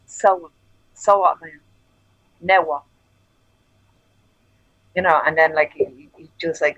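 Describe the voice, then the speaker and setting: Woman, profane angry rant, bright forceful voice, husky edge, livestream co-host. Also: low-pitched, slow, long pauses, no room sound, muffled recording. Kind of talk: casual chat, heated storytelling. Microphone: earphones on a call.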